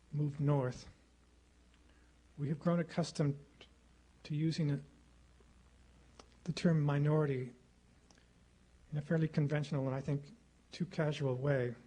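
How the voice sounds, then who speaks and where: A middle-aged man giving a formal public lecture at a podium microphone in a lecture hall, speaking in a measured, rhetorical way and repeating phrases for effect. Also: on the high side, mellow. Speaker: guest lecturer.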